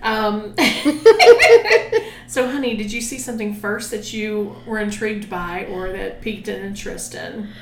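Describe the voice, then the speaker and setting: A woman's voice: medium pitch, expressive, unhurried. A woman co-hosting a casual chat podcast, playful and laughing often. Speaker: podcast co-host. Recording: echoey room with some noise.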